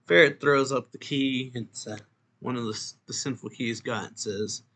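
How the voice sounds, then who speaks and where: A man's voice: mid-range voice, steady tone, normal speed, a bit bright. A man casually recapping a manga chapter, reading the characters' lines aloud in a slightly raised voice, with restarts and the odd chuckle. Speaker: manga reviewer.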